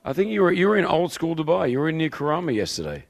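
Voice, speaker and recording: A man hosting a live morning radio show, teasing his co-host and running a quiz at a brisk pace. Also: fairly high pitch, very animated, gravelly. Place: hotel venue for a live broadcast.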